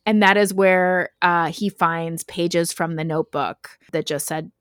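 A woman's voice: on the low side, fairly even intonation, unhurried, fairly bright tone, smooth, no echo, clean studio sound. A woman hosting a podcast, casually telling a true crime story with frequent fillers and laughs. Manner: chatty, laughs often, lots of "like" fillers.

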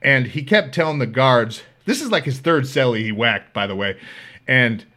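A man hosting a podcast, telling comedic stories in a loud, profane, laughing way. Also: medium pitch, animated, moderate pace. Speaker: podcast host. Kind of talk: comedic storytelling.

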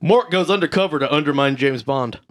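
A man's voice: on the high side, a little fast. A man co-hosting a casual podcast, running a movie-riddle quiz in a teasing, joking way. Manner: teasing, lively, swears casually. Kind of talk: casual chat.

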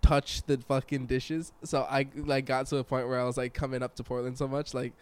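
A man's voice: mid-range voice, level tone, brisk, clean tone. A young man guest on a podcast, laid-back and rambling, with lots of "like" and "uh". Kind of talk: casual chat.

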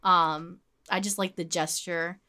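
A young woman with a low voice and a bright, forceful edge chats casually on a podcast. She laughs often and pokes fun at herself. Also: steady tone, unhurried. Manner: laughs a lot, self-deprecating. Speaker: podcast co-host. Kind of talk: casual chat.

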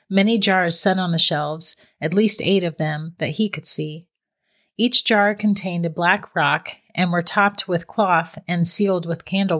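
Woman narrating a dark fantasy tale. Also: on the low side. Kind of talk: storybook narration.

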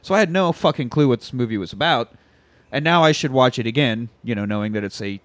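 A man co-hosting a casual movie podcast, profane and mocking, breaking into high squeaky impressions. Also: lively intonation, quick pace, fairly bright tone, no echo. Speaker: podcast co-host.

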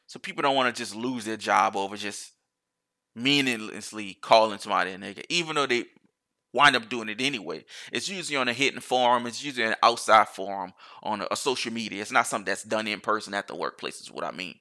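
A man's voice: fairly low pitch, fast, bright, forceful tone. A man talking in a casual, rambling monologue, swearing freely and restarting his sentences often.

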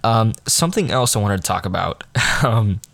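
Rambling teenage podcaster. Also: male voice, on the low side, sing-song, moderate pace, creaky, fairly bright tone, no echo. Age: teens. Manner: rambling, self-deprecating, loses his train of thought. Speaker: podcast host. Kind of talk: casual podcast monologue.

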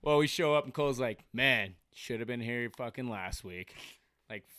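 A man's voice: medium pitch, normal speed, fairly bright tone, smooth, dry recording, clean studio sound. A man on a podcast, teasing his friend and telling a story in casual chat. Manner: teasing, laughs often. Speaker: podcast co-host.

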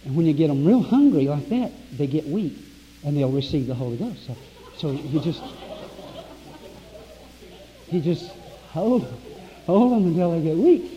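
Male preacher, emphatic and exclaiming, slightly high voice, dull recording. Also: very animated, normal speed, long pauses. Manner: emphatic, rising to loud exclamations. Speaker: pastor. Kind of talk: sermon. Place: church sanctuary. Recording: dull lo-fi recording with long hall reverb.

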